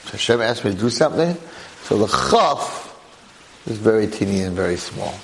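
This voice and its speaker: Animated rabbi teaching a class. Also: male voice, lowish voice, normal speed, vocal fry, slight background noise, low-quality recording. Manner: animated storyteller, full of rhetorical questions. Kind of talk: lively Torah class. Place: classroom with a live audience.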